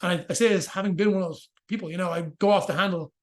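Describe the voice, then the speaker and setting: A man with a high, quick voice explains breathing and stress in a relaxed interview. He jokes and swears as he goes, rattling through the details. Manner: fast, profane, joking explanations. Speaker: movement and rehabilitation practitioner, guest. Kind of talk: casual explanatory interview talk.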